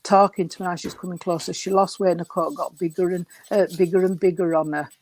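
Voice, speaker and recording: A woman's voice: on the low side, fairly even intonation, fast, a little mellow, poor audio. A woman giving a spiritualist mediumship reading, emotional and affectionate, calling the listener darling and sweetheart. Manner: emotional, tearful, affectionate, calls people darling. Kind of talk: mediumship reading in a church service.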